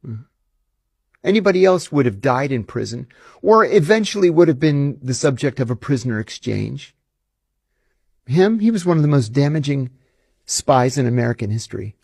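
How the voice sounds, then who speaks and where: A man's voice: medium pitch, lively intonation, normal speed, gravelly, darkish tone, breathy edge, no room sound, clean studio sound. A man, a former intelligence officer, giving emphatic, indignant answers in an interview. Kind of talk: interview storytelling.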